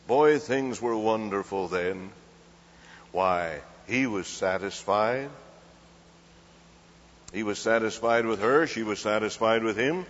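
A man's voice: on the low side, takes it slowly, pauses often. Folksy preacher man in a hall. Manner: folksy, asks the crowd questions, acts out voices. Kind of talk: folksy storytelling sermon. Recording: dull lo-fi hall recording.

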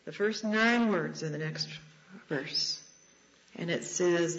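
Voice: medium pitch, slow pace, fairly bright tone. A speaker giving a devotional talk in chapel, telling stories at a shifting pace. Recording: slightly dull lo-fi recording.

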